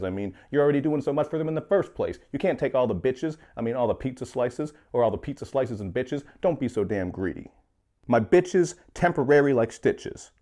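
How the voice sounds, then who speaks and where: A young man giving a casual rant review of a mixtape, joking and swearing with animated asides. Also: medium pitch. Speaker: music reviewer.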